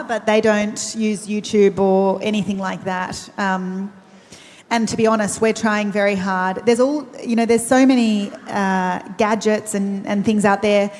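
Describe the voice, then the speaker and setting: A woman with an Australian accent, speaking earnestly and personally as a panelist, with frequent restarts. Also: mid-range voice. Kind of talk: conversational panel talk. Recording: long reverb of a large event hall.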